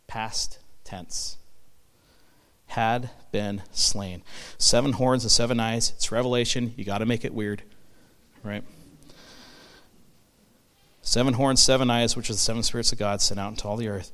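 A man preaching a sermon as pastor, reading scripture and explaining it with emphatic bursts and hushed, reflective stretches. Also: fairly low pitch. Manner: animated, emphatic, swings from loud proclamation to hushed reflection.

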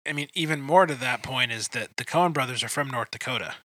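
A man hosting a casual movie review chat, talking in quick asides with lots of fillers. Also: medium pitch, pushed and bright, no echo. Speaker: podcast host.

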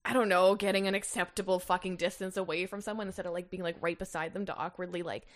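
A woman's voice: lowish voice, flat delivery, quick pace. A woman co-hosting a casual podcast, animatedly retelling reality TV scenes with frequent swearing and laughter. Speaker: podcast co-host. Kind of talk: casual chat.

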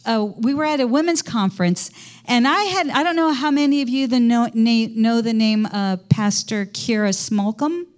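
A middle-aged woman pastor with a high voice gives a conversational sermon in a church. She tells stories in a chatty way and keeps asking her congregation questions. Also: moderate pace, a little mellow. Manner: conversational preaching, quizzing the congregation.

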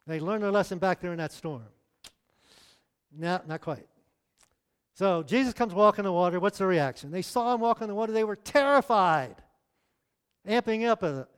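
A middle-aged man preaching a sermon in a conversational way, often asking the audience questions. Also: high voice.

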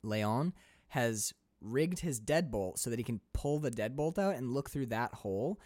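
A man co-hosting a casual podcast about films, animated and quick to act out lines from scenes. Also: mid-range voice, dry recording. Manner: animated, acts out movie lines in quick voices. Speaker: podcast co-host. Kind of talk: casual film discussion.

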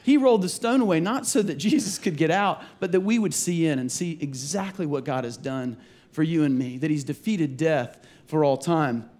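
High-voiced pastor preaching casually. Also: male voice, moderate pace, a little mellow. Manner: casual and rambling, with frequent restarts and repeated words. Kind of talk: conversational Easter sermon. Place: church sanctuary.

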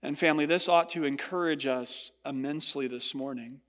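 A man's voice: fairly quick, a bit bright. A man preaching a sermon as pastor to his congregation, earnest, his voice lifting when he voices what others said. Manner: earnest preaching, rising in pitch for quoted speech. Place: large church hall. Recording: long hall reverb.

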